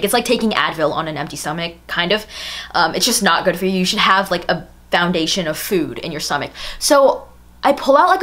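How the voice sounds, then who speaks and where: A woman's voice: on the low side, a bit bright. A young woman telling a personal story in a casual vlog, chatty and full of "like.". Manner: chatty, fillers of "like" throughout. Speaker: storytime vlogger.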